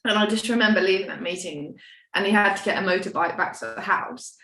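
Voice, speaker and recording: A woman's voice: mid-range voice, quick pace, pushed and bright. A young woman from the United Kingdom, a podcast guest telling her story in a candid, rambling, self-mocking way and swearing now and then. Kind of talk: casual storytelling chat. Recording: roomy echo.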